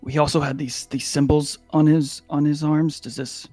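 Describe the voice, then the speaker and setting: A man playing a tabletop game, asking the game master relaxed, curious questions. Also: fairly high pitch, normal speed, no echo, faint music behind. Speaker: player. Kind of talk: tabletop play, casual chat.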